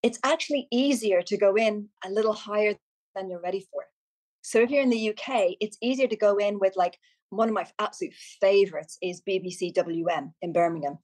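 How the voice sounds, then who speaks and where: Chatty Irish woman, lively. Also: mid-range voice, fairly quick. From Ireland. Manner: animated, chatty, many restarts and quoted asides. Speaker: guest media coach. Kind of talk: casual podcast chat.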